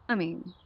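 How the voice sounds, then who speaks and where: A young adult woman streaming a game in a soft-spoken ASMR manner, teasing and chatting lazily with her viewers. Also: fairly low pitch, a little hiss or hum, low-quality recording.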